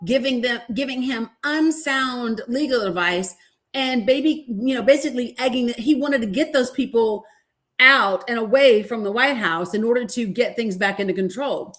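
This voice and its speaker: A woman's voice: on the high side, moderate pace. A woman hosting a casual livestream, reading a deposition aloud and reacting with laughter, asides to viewers and frank swearing. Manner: animated, laughing, swearing, talks to viewers as y'all. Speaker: livestream host.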